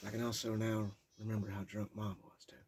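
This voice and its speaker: A man's voice: lowish voice, flat delivery, a little fast, noisy background. A man reading his own memoir aloud, raw and profane, stumbling and stopping when memories overwhelm him.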